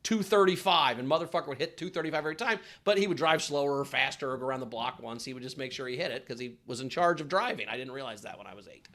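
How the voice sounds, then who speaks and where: A man's voice: medium pitch, very fast, hardly any pauses, fairly bright tone. A man, a guest stand-up comic, telling rambling stories over a video call and laughing through them. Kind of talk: animated anecdote telling.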